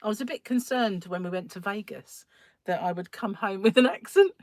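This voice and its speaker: A woman's voice: mid-range voice, a little fast, darkish tone, no echo, studio quality. Chatty woman live-streaming crochet. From England, North London. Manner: chatty, laughs often, greets viewers by name. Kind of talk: casual live-stream chat.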